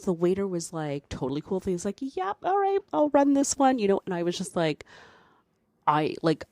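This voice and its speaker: A podcast host tells a personal story in a rambling, chatty way, packed with "like" and "you know" and lots of laughter. The medium-pitched voice is a little mellow, with clean studio sound and no echo.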